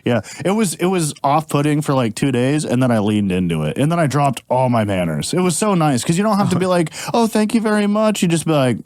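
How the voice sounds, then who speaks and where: Lively high-voiced man joking around. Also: fast talker, few pauses, dry recording, clean studio sound. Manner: animated, swearing, jokey. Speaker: comedian podcast co-host. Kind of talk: casual comedic banter.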